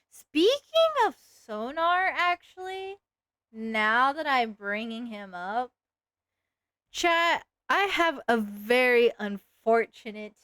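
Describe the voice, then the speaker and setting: Rambling woman streamer, smooth voice. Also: a little high, a bit bright, no room sound. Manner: rambling, lots of "like" fillers. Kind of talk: casual livestream chat while drawing.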